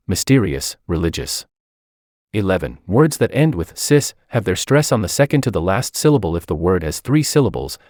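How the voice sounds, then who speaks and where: A man with a very low voice reads a scripted exam tutorial, listing rules and example words in turn. His pitch swings widely as he reads. The recording is dry and close, with no room sound. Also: darkish tone, no room sound. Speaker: English language tutor. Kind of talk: scripted instructional reading.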